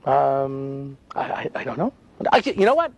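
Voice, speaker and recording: A man's voice: medium pitch, very animated, measured pace, a little hiss or hum, low-quality recording. A man speaking as a rabbi, telling stories with wry sarcasm and lots of asides in a humorous lecture.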